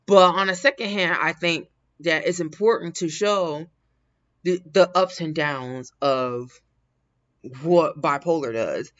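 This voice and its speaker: A woman's voice: low-pitched, slow pace. A woman hosting a casual livestream, talking in a rambling way with frequent laughs and restarts. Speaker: livestream host. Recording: dull lo-fi sound.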